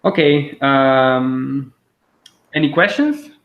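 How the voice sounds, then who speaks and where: Man teaching slowly, echoey. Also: medium pitch, dull audio. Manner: patient, explains and repeats words slowly. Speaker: language teacher. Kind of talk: online language lesson.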